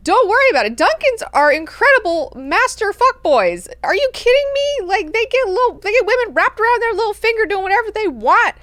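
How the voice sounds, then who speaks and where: A woman voicing a furious ancient male god-emperor who rants loudly and swears. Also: mid-range voice, animated, moderate pace, clear, resonant tone, no room sound, natural voice. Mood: ranting. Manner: ranting, profane, loud.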